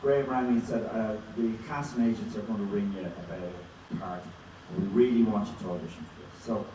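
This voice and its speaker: A low-pitched man tells rambling stage anecdotes with restarts. His voice booms from far off in a big echoey auditorium. A steady wash of crowd noise sits under it. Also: fast. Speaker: actor on a convention panel. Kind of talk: casual anecdote telling on stage. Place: large convention auditorium.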